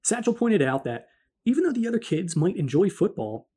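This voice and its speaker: An earnest male narrator reading his own reflective memoir and posing rhetorical questions to the listener. His voice sits a touch high for a man, yet it sounds mellow and slightly husky. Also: sing-song, fairly quick. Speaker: narrator of a personal faith story.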